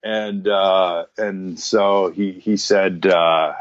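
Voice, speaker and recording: A man's voice: low-pitched, drawn-out words, dry recording, dull audio. A man telling a story in casual conversation, restarting his sentences often and acting out what people said. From Canada. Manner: animated, restarts often, acts out quotes.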